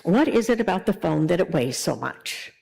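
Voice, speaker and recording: A woman minister giving a sermon in a conversational, animated storytelling way. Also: lowish voice, moderate pace, vocal fry, low-quality recording.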